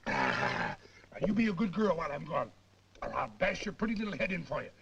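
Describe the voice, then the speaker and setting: A gravelly, sing-song soldier with a drink in him, coaxing his sweetheart in a lilting, teasing way. His voice sits a touch high and rides up and down freely. Behind him is the hiss and noise of an old film soundtrack. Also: huge pitch swings, brisk, fairly bright tone, dull audio, heavily acted. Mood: boozy tender. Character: boozy sweet-talking soldier leaving his girl. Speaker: film actor.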